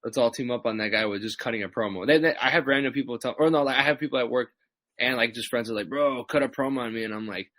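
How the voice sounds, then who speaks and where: A man's voice: mid-range voice, quick pace, a bit bright, no echo. Pro wrestler guest, man from the Chicago area, easygoing storyteller, dry close sound. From Chicago area, USA. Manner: laid-back storytelling, acts out voices of fans. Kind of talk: casual podcast chat.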